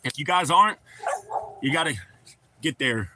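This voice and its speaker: A man hosts a casual livestream, reading chat aloud, telling long rambling stories, swearing freely, and calling his viewers brother. His voice sits on the high side, animated at a moderate pace, with background noise audible.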